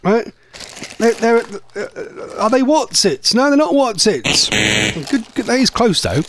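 A man's voice: very high voice, big pitch swings, measured pace, background noise. A man presenting a chatty live radio quiz, thinking aloud and sounding playfully exasperated. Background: music bed.

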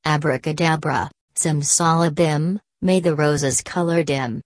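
Lady doing a spiteful storybook witch, low sneery voice, chanting her spells. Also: steady tone, unhurried, dry recording. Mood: sneering. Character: wicked spiteful witch woman.

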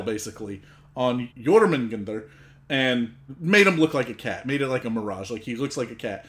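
A man co-hosting a podcast, telling a story in a casual, animated way and swearing freely. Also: medium pitch, moderate pace. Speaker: podcast co-host. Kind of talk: casual chat.

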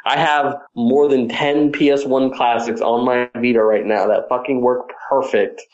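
A man ranting heatedly about games on a podcast, swearing constantly, his voice climbing high when angry. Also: steady tone, measured pace, lo-fi sound. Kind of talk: profane ranting gaming chat.

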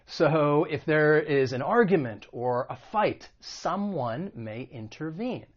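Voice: mid-range voice, animated, takes it slowly, dull audio. An American English teacher from the United States, patiently explaining word meanings and modelling pronunciation. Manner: clear, patient explaining with demonstrations. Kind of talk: vocabulary and pronunciation lesson.

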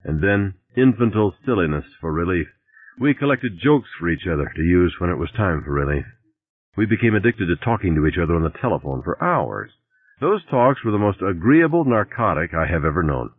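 A man narrates a novel as an audiobook, reading in a dry, wry first-person voice. His low voice has big pitch swings and a breathy edge, and he reads fairly quickly. The recording sounds tinny, dry, and lo-fi.

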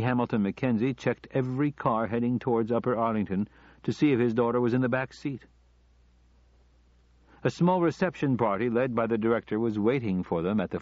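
A man narrating an audiobook story in a measured, even storytelling manner. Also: mid-range voice, no room sound. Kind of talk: scripted narration. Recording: slightly dull lo-fi recording.

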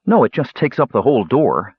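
A man reading an audiobook, voicing a sarcastic young male warrior with a deadpan wit. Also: mid-range voice, a little fast, slightly rough, no echo, highs cut off, voice pushed up.

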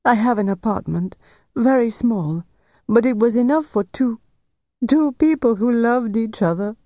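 A man's voice: high-pitched, measured pace, dry recording, muffled recording, voice pushed up. A man reading aloud, voicing a heartbroken young Frenchwoman who is crying and indignant. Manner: pleading, tearful.

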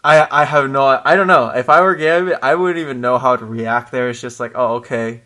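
A man co-hosting a casual chat about comics, animated and quick to laugh, often restarting his sentences. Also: medium pitch. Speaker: podcast co-host discussing comics.

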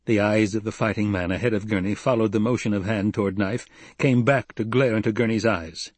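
Husky male audiobook narrator. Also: on the low side, fairly even intonation, a little fast, dry recording.

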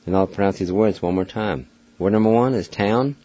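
An older man with a low, mellow voice teaches a slow, patient pronunciation lesson. He spells each word letter by letter and repeats it. The sound is dull and lo-fi, like an old radio broadcast, and very dry. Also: no echo.

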